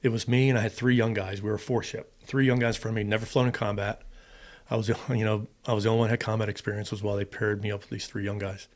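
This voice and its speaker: A former fighter pilot, now middle-aged, tells stories fast in a fairly low voice during an interview. He's animated and acts out what people said, quoting them with emphasis.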